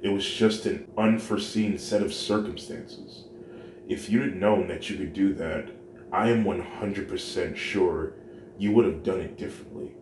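A deep, earnest male hero mentor consoling a young student, as a man reads him in a story. The delivery is slow and plain. The recording sounds roomy and carries noise behind the voice. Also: steady tone.

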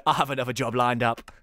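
A woman's voice: extremely low pitch, fairly bright tone, no room sound, pitched below the performer's own voice. A woman voicing a casual, offhand young man with a South London accent in a game.

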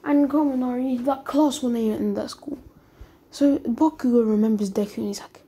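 A woman's voice: on the high side, fairly quick, mellow, breathy edge. A woman casually retelling an invented fan story, rambling from one quoted line to the next and often dropping into a whisper.

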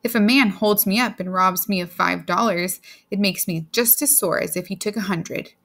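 Ruthless gloating businessman, harsh and cold, slightly gravelly, read by a woman, audiobook. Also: medium pitch, normal speed, a bit bright. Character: ruthless, smug middle-aged businessman husband.

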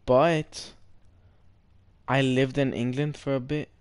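A young man teasing a stranger over game voice chat, spinning mock-serious tall tales in a slow, unhurried delivery. He draws out names for comic effect and keeps a playful trolling tone. The sound is dry and close, with no room echo. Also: medium pitch, flat delivery, clean tone. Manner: playful trolling, mock-serious storytelling, drawn-out name calls. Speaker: gamer. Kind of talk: joking voice chat while playing a game.

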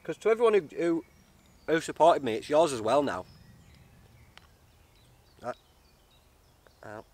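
A man's voice: a little high, very animated, a little slow, darkish tone, no room sound. A man vlogging outdoors in the woods, chatty and heartfelt, often calling the viewer mate. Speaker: bushcraft vlogger. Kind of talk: casual outdoor vlog.

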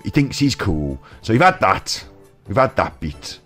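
A man's voice: on the low side, sing-song, measured pace, fairly bright tone, soft background music. A man with a West Midlands accent, a streamer who retells a film scene by scene in a loose, rambling comic way. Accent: West Midlands English. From England. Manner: rambling, jumps into silly quoted voices. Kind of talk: comic retelling of a film in his own words.

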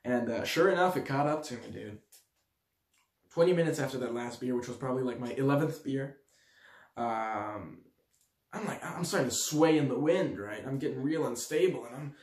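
A young man from Switzerland telling a story to his audience in a slangy, animated way, acting out the quotes loudly. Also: mid-range voice, normal speed. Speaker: vlogger. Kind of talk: storytelling to camera. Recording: echoey room.

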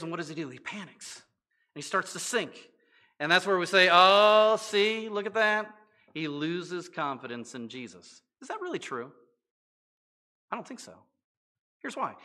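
A man's voice: high voice, bright, forceful tone. A male pastor preaching a sermon in a church, talking to the congregation in a conversational way with rhetorical questions and playful asides.

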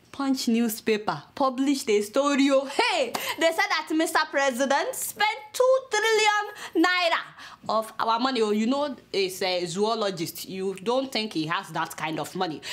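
A woman host with a Nigerian accent, giving comedic political commentary in an animated, exclamatory, mock-scolding way. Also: high voice.

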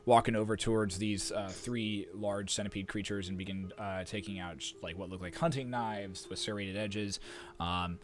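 A man's voice: lowish voice, fairly even intonation, moderate pace. Rambling male game master. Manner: rambling with many restarts and fillers. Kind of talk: narrating a tabletop game.

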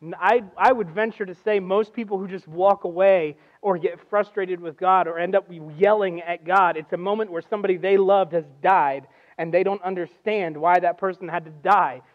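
A man giving a sermon as a guest preacher, telling stories casually and acting out quotes, dropping to a hush and rising to loud emphasis. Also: high voice, steady tone, normal speed, hardly any pauses, narrow, tinny audio. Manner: conversational storytelling, acts out quotes, swings from loud to hushed. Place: church.

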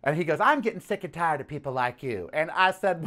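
A man's voice: a little high, brisk. A man hosting his own podcast, talking in a sassy, chatty way about the news and his day, often calling listeners "honey.". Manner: sassy, animated, says "honey" and "okay". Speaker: podcast host. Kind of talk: casual political commentary.

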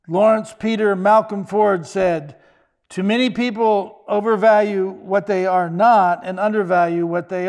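An older man, a pastor, preaching a sermon in a conversational way with joking asides and quick restarts. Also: high voice, darkish tone.

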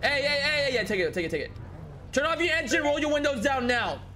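A man's voice: extremely high pitch, animated, fast talker, background noise. A man role-playing a police officer in a game, repeating short, clipped commands over and over. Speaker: streamer playing a cop.

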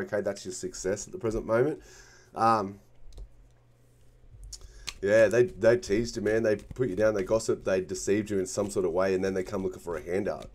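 A man's voice: lowish voice, darkish tone. A man giving a casual tarot card reading, emphatic and constantly checking in with the listener. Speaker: tarot reader.

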